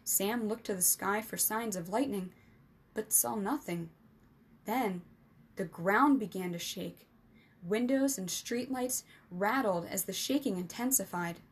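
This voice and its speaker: A woman narrating an adventure storybook aloud, lively and expressive in her delivery. Her voice sits at a middle pitch, soft and breathy.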